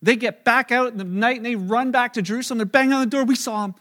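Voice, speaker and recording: Animated high-voiced preacher man. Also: fast talker. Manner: animated storytelling, acting out quoted voices. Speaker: pastor. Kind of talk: sermon.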